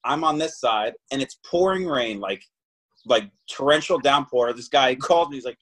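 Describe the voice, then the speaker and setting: A man's voice: medium pitch, expressive, brisk, a bit bright, husky, poor audio. A man in casual chat, telling stories animatedly and acting out both sides of the exchanges.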